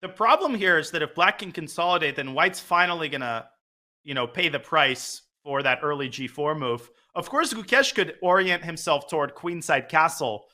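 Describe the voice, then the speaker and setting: A young man analyzing a live chess game, calling out lines and breaking into alarmed outbursts at sharp moves. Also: fairly high pitch, lively intonation. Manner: analytical, quick to call lines, bursts of alarm. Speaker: chess commentator.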